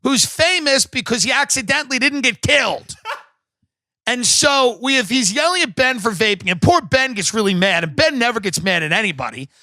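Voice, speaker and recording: High-pitched man ranting comedic podcast monologue. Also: lively intonation, moderate pace, pushed and bright, no echo. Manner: profane, sarcastic, rambling rant. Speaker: podcast host. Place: home podcast set.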